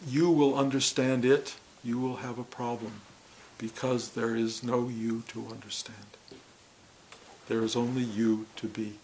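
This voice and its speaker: A man speaking as a spiritual teacher to a gathering, earnest and heartfelt, in short halting phrases. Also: mid-range voice, a little hiss or hum, low-quality recording. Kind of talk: reflective spiritual talk to a gathering.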